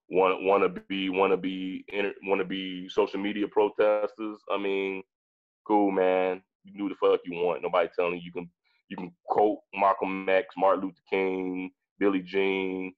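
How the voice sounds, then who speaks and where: A man's voice: low voice, narrow, tinny audio. A man in his forties, a guest in a casual discussion, talking emphatically with frequent profanity and repeating phrases as he thinks aloud. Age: 40s.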